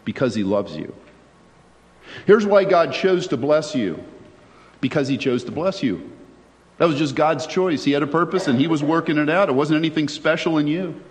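A man's voice: a little high, expressive, moderate pace. A male pastor preaching a sermon in a chatty, conversational way, often asking his listeners questions. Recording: long reverb of a large hall.

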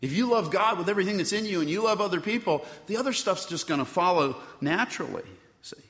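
A man's voice: high voice, animated, quick pace, a bit bright. A middle-aged male pastor preaching a sermon in a conversational way, asking the congregation questions and acting out the quotes he tells. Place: church sanctuary. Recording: long reverb from a large hall.

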